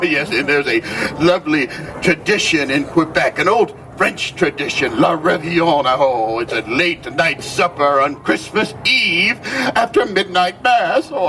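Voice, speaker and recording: A man's voice: a little high, a bit bright, distant mic, a little hiss or hum. A man playing Papa Noel, chuckling old gift-bringer. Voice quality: chuckling, theatrical, drawn-out exclamations. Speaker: costumed storyteller. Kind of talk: live character storytelling to a crowd.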